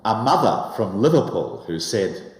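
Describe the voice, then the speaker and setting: A man with a New Zealand accent presenting a documentary on location in a playful, animated way. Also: on the low side, measured pace. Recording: echoey with long reverb.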